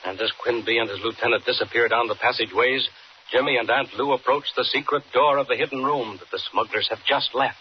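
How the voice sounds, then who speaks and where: A male announcer giving measured, formal narration for a 1940s radio serial. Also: mid-range voice, steady tone. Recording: dull old radio recording with faint hiss.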